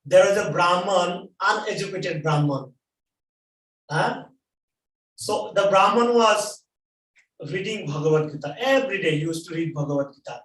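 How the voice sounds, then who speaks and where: A man preaching a sermon at a temple, telling a story in halting English and repeating phrases for emphasis. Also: high voice, fairly bright tone. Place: temple hall. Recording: echoey hall, mic at a distance.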